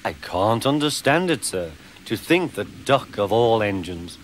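A man's voice: on the low side, very animated, measured pace, a little hiss or hum. Brief: man as a scheming, smug diesel engine, oily and falsely grieved, storybook. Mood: feigned grief.

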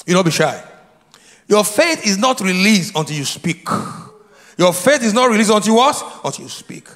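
A man's voice: high-pitched, big pitch swings, moderate pace, a bit bright. A man preaching a sermon as pastor, leading the congregation in call and response with repeated questions and answers. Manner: repetitive, prompts congregation to answer. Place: church sanctuary. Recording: long hall reverb.

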